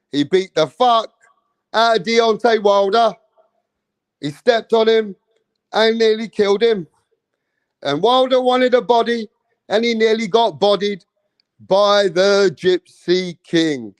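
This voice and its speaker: A man's voice: high-pitched, slow, long pauses, clear, resonant tone, dry recording. A man hosting a casual live stream, chatting with viewers in hyped, profane, slangy banter.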